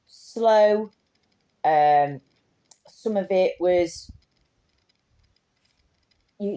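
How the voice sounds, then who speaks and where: A woman's voice: on the low side, mellow. A woman telling a story in a casual, impassioned way, indignant and rambling with restarts.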